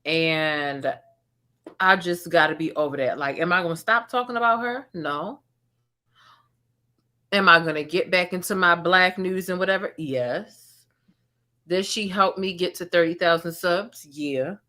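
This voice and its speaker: Low bright-voiced woman, aave, rambling candid stream chat, repeats herself. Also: unhurried, long pauses. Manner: candid, conversational, trails off and repeats words. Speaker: commentary channel host. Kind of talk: casual live-stream chat.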